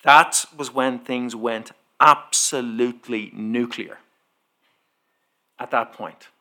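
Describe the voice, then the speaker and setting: A man with a medium-pitched voice preaches a sermon, taking it slowly. He tells a personal story as an animated storyteller, acting out the dialogue as he goes.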